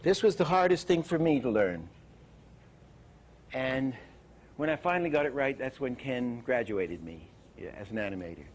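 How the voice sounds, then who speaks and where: A man's voice: medium pitch, expressive, moderate pace, slight background noise. An older man giving a lecture on animation, telling anecdotes and acting out the lines he quotes. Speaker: animation teacher.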